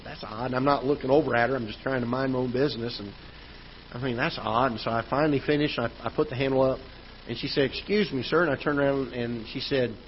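A man, a pastor, preaching a sermon in a church auditorium, telling a personal story in a conversational way, growing loud at the frustrating parts. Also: mid-range voice. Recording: dull church livestream audio with faint noise.

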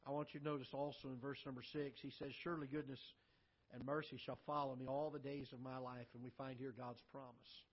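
A man preaching a sermon as pastor, swinging from loud emphatic lines to soft low asides. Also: level tone, fairly quick, breathy edge, lo-fi sound. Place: church auditorium.

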